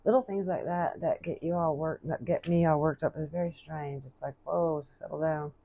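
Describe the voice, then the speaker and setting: A woman giving a casual tarot reading, chatty and thinking aloud as she reads out card messages slowly. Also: low-pitched, steady tone, vocal fry, dull audio. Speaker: tarot reader.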